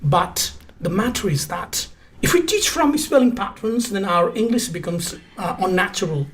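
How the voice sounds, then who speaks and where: A man's voice: sits high, expressive, moderate pace, slight background noise. A man from Nepal with a Nepali accent, a guest English test teacher explaining emphatically, repeating his points and spelling words out letter by letter. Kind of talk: explanatory interview talk.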